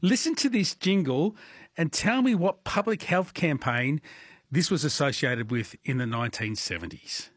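A man with an Australian accent hosting a morning radio quiz, upbeat and quick to laugh. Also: a little high, expressive, slightly rough, dry recording, studio quality. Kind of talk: breakfast radio quiz chat.

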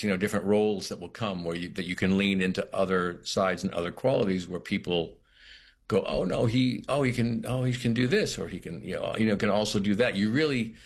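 A man in middle age talks through his career in an interview. His voice sits very low with a husky edge. He thinks aloud, restarting phrases and acting out little quoted exchanges. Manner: thoughtful, halting, many restarts and quoted asides. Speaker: actor, guest. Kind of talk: reflective interview talk.

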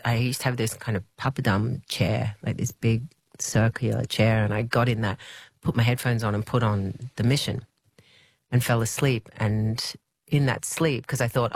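A woman, an interview guest, telling a personal story in a reflective, halting way, quoting what people said. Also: extremely low pitch, dry recording. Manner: reflective, halting, with restarts and quoted dialogue.

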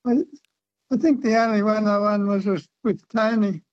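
A man's voice: high-pitched, fairly even intonation, normal speed, no echo. A man calling in to a radio quiz, hesitant and unsure, with many ums. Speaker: caller, quiz contestant. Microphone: telephone. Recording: dull phone line.

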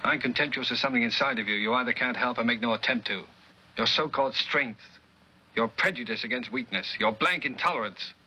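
An actor with a Mid-Atlantic accent, playing a stern man lecturing a proud woman in a 1940s Hollywood film, speaking in a clipped, measured way. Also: mid-range voice, pushed and bright, breathy edge. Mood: reproachful. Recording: dull vintage film soundtrack.

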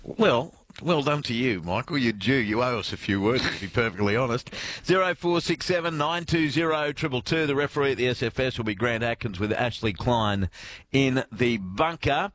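A man's voice: mid-range voice, normal speed, a bit bright, a little hiss or hum. An Australian man hosting sports radio, bantering with his co-hosts and reading listener texts aloud.

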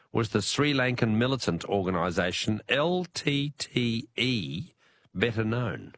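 A man with an Australian accent and a croaky voice, hosting a late-night radio quiz, chatty and teasing, laughing easily with callers. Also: medium pitch, sing-song, unhurried, a bit bright, no echo. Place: radio studio.

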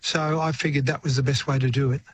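An older man with an Australian accent, a singer talking casually as a guest in a radio interview, relaxed and chuckling, with hesitant restarts. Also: medium pitch, fast talker, background noise.

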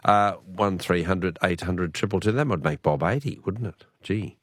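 A man's voice: low voice, moderate pace, no echo. A middle-aged Australian man hosting talkback radio in a studio, chatty, affable and musing. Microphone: studio mic.

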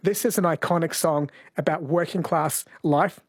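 A man's voice: a little high, steady tone, moderate pace, breathy edge, no room sound. A man hosting a radio show, explaining poetry and introducing songs in a lightly playful, explanatory way. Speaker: radio host presenting music. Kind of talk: scripted radio presenting.

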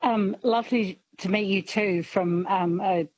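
A woman's voice: medium pitch, steady tone, measured pace, darkish tone, slight background noise. A woman, calling in to a radio show, hesitant and self-deprecating. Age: late 50s. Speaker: radio caller. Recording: muffled dry phone line.

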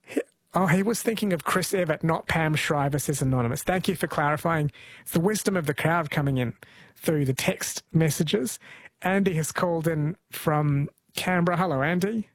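A man's voice: fairly high pitch, moderate pace. A man hosting a call-in radio quiz, friendly and chatty, laughing easily.

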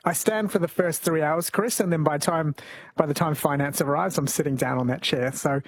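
A man's voice: fairly high pitch, normal speed, no room sound. A man hosting a late-night talkback radio quiz, chatting and reading out listener texts. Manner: chatty, amused, reads listener texts aloud. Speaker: radio host.

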